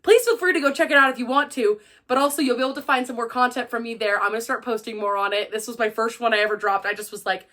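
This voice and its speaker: A woman book vlogger chatting to camera in an excitable, gushing and dramatic way. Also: on the high side, fast talker, few pauses. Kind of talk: casual chat to camera.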